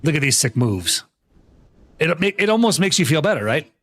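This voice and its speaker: Excitable man streaming a game, lively pitch. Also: brisk. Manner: excitable, laughs often, talks to chat. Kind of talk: live gaming stream chat.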